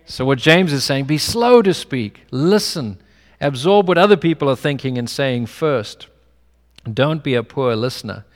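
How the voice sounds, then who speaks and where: In a hall with long reverb, a male preacher speaks at a moderate pace in a medium-pitched voice. His sermon is conversational and anecdote-driven, and his English accent is non-American.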